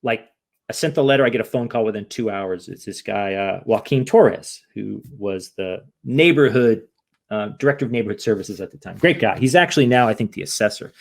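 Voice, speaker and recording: A man guest on a podcast, telling a story in casual chat, lively, often acting out quoted voices and asking "right?". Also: lowish voice, brisk, vocal fry. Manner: animated, acts out quoted voices, frequent "right?".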